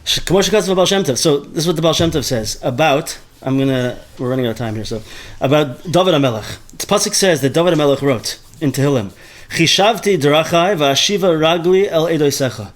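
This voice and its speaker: A man's voice: on the high side, a little fast, hardly any pauses. Man teaching a Torah class. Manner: animated, mixes Hebrew terms into speech, repeats words often.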